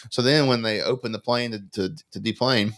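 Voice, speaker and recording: A man, co-hosting a podcast and telling an animated story, acting out the other people's lines. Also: lowish voice, a little fast. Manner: animated anecdotal storyteller, acts out dialogue. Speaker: podcast co-host. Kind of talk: casual storytelling chat.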